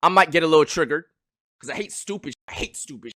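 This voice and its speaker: Fast-talking animated young man streamer. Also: on the high side. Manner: animated, gets loud, swears a lot. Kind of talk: heated casual chat on a live stream.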